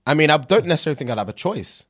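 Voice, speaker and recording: Fast-talking man, deadpan. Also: fairly high pitch. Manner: quick, stubborn, deadpan refusals. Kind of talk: casual banter.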